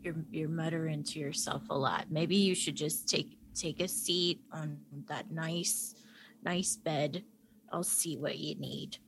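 A woman voicing a stern medic who snaps short commands. Her low voice has a gravelly grain, with a faint hiss of noise behind it. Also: steady tone, takes it slowly. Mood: bossy. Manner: bossy, curt. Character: stern female medic, devout cultist.

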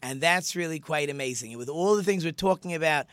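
A man's voice: fairly high pitch, quick pace, a bit bright, clear, resonant tone, dry recording. A middle-aged man, a rabbi hosting a radio talk show, speaking in a chatty, conversational way with many fillers and restarts as he tells a story.

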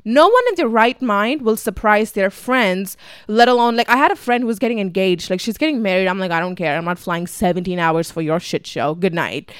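A woman's voice: medium pitch, smooth, no echo, clean studio sound. A young woman telling a casual storytime vlog, chatty and swearing freely with lots of fillers. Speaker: vlogger.

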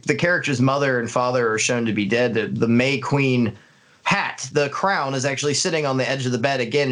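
A man's voice: mid-range voice, fairly bright tone. Guy breaking down a movie on a podcast, thoughtful and earnest, keeps saying uh. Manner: earnest, analytical, measured with frequent fillers. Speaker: podcast co-host. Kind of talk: casual film review chat.

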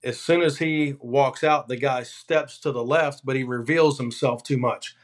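A man's voice: mid-range voice, moderate pace. Man spinning hunting yarns. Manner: animated, deadpan punchlines in anecdotes. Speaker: hunting outfitter guest. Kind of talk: casual podcast storytelling.

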